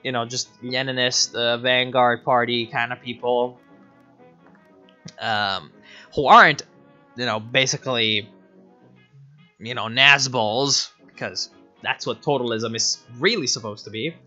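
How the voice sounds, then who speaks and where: A man giving casual, profane, excitable commentary while livestreaming a strategy game, often laughing. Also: mid-range voice, measured pace, pauses often. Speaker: streamer. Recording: dull lo-fi mic with faint music.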